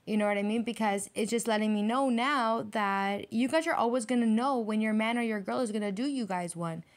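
A young adult woman giving a casual tarot reading in a blunt, slangy way, often breaking into laughter. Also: medium pitch. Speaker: tarot reader.

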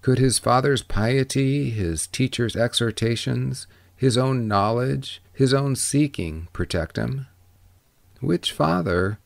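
A man reading the part of a wise old ferryman who speaks calmly, with gentle, measured questions. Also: fairly low pitch, gravelly, dry recording. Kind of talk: audiobook reading.

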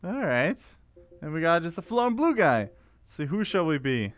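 A man giving casual gameplay commentary as host, giggly and excitable. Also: on the high side, normal speed.

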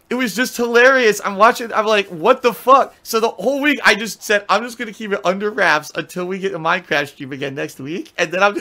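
A man's voice: very high voice, pushed and bright. A man who streams games and vents to his viewers in an exasperated way, laughing and swearing as he talks.

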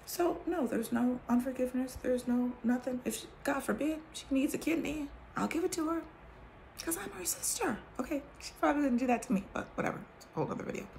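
A woman in her forties giving a casual faith talk, reading a verse slowly and then commenting candidly on it. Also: sits high, expressive, creaky, a little mellow, a little hiss or hum, low-quality recording. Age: 40s. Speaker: vlogger sharing testimony.

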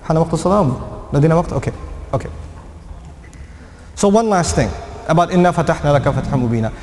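A man giving an animated religious lecture, telling a story and acting out the voices of the people in it. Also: on the high side, fast, a little hiss or hum. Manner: storytelling, acts out quoted voices. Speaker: Quranic lecturer. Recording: echoey hall with faint ambience.

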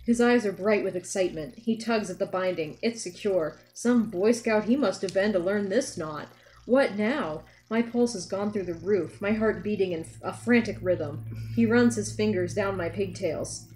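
A woman's voice: mid-range voice, normal speed, darkish tone. Woman wryly reading a novel aloud. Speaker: reader.

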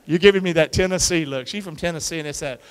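A male pastor preaching an animated call-and-response sermon, coaxing the congregation to repeat after him and using football pep-talk imagery. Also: a little high, fast, clear, resonant tone. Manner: energetic, coaxes the congregation to repeat lines. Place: church sanctuary with a congregation. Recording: long reverb of a large church hall.

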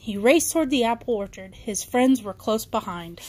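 A woman's voice: on the high side, animated, normal speed, a little mellow. A woman reading a children's bedtime story aloud, with occasional small slips and restarts.

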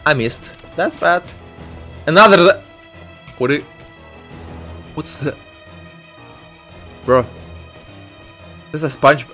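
A young adult man giving excitable, jumpy let's-play commentary full of shouts and exclamations. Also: a little high, takes it slowly, long pauses, faint music behind. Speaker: gaming YouTuber.

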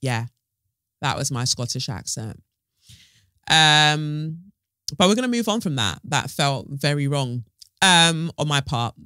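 A woman's voice: low voice, expressive, takes it slowly, pauses often, sharp tone, no room sound, studio quality. Chatty British woman podcasting solo. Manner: chatty, playful, drifts into asides and slang. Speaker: podcast host. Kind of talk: casual solo podcast chat.

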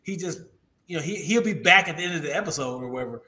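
A man takes part in a casual podcast chat. He talks haltingly, often stopping to search for the right word. His voice sits slightly high. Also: expressive, bright, forceful tone. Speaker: podcast guest.

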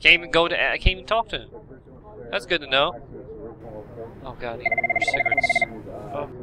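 A man doing let's-play commentary, talking to himself in a frantic way and bursting out loudly. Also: a little high, expressive, fairly quick, very noisy. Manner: frantic self-talk with loud outbursts. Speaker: gaming commentator.

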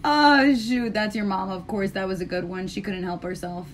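A woman's voice: medium pitch, fairly even intonation, normal speed, background noise. An American woman hosting a casual live stream while doing her makeup, chatting sassily with her viewers. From United States. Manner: chatty, sassy, talks straight to viewers.

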